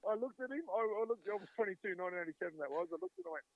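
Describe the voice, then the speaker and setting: A man in his fifties with an Australian accent, a former rugby league player, tells chatty anecdotes as a guest in a storytelling interview, acting out the voices of the people he quotes. His high voice is creaky, very animated, and very fast. The recording is dry, with no room sound, over a tinny, phone-like line.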